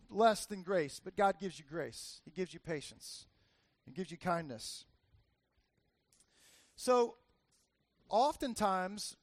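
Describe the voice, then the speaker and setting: A man's voice: high voice, fairly bright tone, dry recording. A man in his forties giving a casual, conversational sermon as a pastor, telling personal stories with lots of "like" and "right?" asides.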